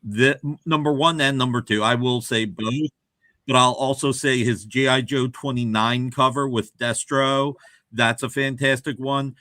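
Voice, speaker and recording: Bright-voiced man in eager art talk. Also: mid-range voice, fairly even intonation, measured pace, no room sound. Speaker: comic art dealer. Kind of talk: casual panel discussion. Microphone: video call.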